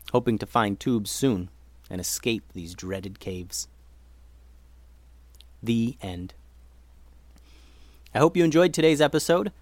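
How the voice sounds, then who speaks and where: A man narrating a children's adventure story in a lively, expressive way as the podcast host. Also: fairly low pitch, no echo. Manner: lively, expressive reading for kids.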